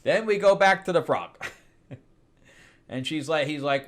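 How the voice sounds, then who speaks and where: A man's voice: a little high, unhurried. A man hosting a casual comic book review show, rambling and sarcastic, often laughing at what he describes.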